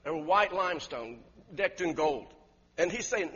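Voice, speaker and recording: Male preacher, husky and high-pitched, emphatic sermon delivery, lo-fi recording with long hall reverb. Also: animated, a little slow. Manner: emphatic, questions the congregation, rises to loud peaks.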